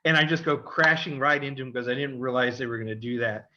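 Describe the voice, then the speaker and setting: A middle-aged man co-hosting a podcast, telling a long school story in an animated way and acting out the voices of the people in it. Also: medium pitch, fast, highs cut off, slight background noise. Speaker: podcast co-host, father. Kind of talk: casual storytelling.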